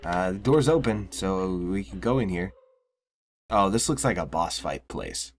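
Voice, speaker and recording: A man with a low voice reacts to a horror game with dry, casual remarks. He talks slowly, drawing out his comments as he plays. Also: expressive, a little hiss or hum. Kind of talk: let's play commentary.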